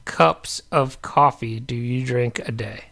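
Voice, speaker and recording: A man co-hosting a podcast in casual chat, relaxed and laughing often. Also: medium pitch, takes it slowly, creaky. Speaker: podcast co-host. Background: remote call.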